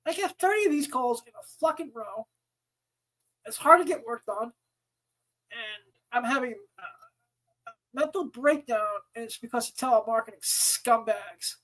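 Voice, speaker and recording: A man's voice: very high voice, animated, normal speed, pauses often, fairly bright tone, rough recording. A man hosting his own podcast, ranting angrily and swearing often. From United States. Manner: angry, exasperated, swearing often. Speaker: podcast host. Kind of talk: profane ranting monologue.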